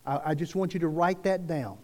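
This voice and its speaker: A male pastor preaching a sermon to his congregation, earnest, with slow emphatic phrasing. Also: fairly high pitch, a little mellow. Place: church sanctuary. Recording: long reverb of a church hall.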